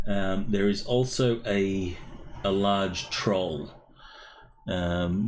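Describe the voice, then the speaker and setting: Deep, slow game master. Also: male voice, a little hiss or hum, low-quality recording. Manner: halting, many fillers and pauses. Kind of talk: narrating a tabletop role-playing game.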